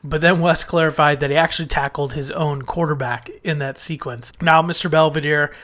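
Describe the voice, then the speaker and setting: A man's voice: on the high side, fairly even intonation, fairly quick, a bit bright. A man casually recapping an old sitcom episode, retelling scenes and quoting lines in a chatty way with small restarts.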